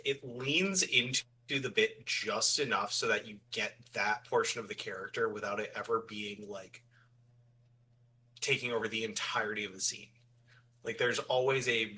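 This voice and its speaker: Low, bright-voiced man on a podcast. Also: slight background noise, low-quality recording. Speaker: podcast co-host. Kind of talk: casual show discussion.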